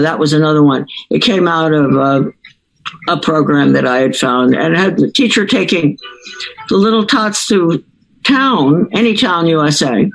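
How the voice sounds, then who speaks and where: A woman's voice: fairly low pitch, poor audio. Older woman, ex-school board member, digressive storyteller who keeps correcting herself. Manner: rambling, digressive, self-correcting. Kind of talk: anecdotal personal storytelling.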